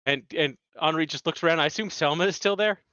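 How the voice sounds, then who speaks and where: A man in a tabletop game session with a bright, forceful voice and a wry, dry sense of humor. His mic sounds dull and lo-fi, dry with no room echo. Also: on the high side, quick pace. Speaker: player.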